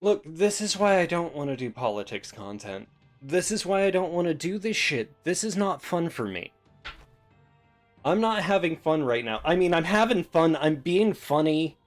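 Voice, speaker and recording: A man streaming a reaction, swearing and swinging from loud outbursts to low mutters. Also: very animated, normal speed. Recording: faint background music.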